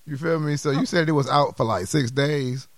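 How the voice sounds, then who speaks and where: A man's voice: medium pitch, moderate pace, no room sound. A man co-hosting a podcast, chatting casually, playfully indignant and laughing often. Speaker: podcast co-host. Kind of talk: casual comedic chat.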